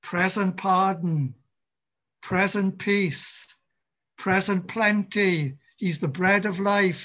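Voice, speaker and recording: A man preaches a sermon, his voice high for a man and his delivery slow and deliberate. He repeats phrases for weight and lets dramatic pauses hang. The church recording sounds dull and lo-fi. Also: fairly bright tone. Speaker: pastor.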